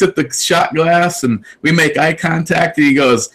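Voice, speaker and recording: A man's voice: fairly high pitch, measured pace, fairly bright tone, poor audio. A man casually telling a rambling story on a live video chat, with lots of restarts and quotes he acts out. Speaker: live show host.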